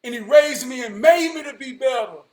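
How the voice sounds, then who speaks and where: Preaching with fervor, this man alternates between yelling and quiet muttering, hammering home repeated phrases and swearing frequently. His intonation is lively and his speed is normal.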